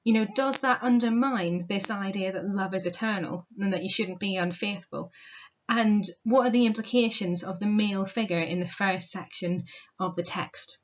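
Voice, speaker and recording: A woman's voice: mid-range voice, moderate pace, muffled recording. A woman teacher explaining a poem in a recorded lesson, posing questions to her students as she goes. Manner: explanatory, asks rhetorical questions, casual fillers. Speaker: literature teacher.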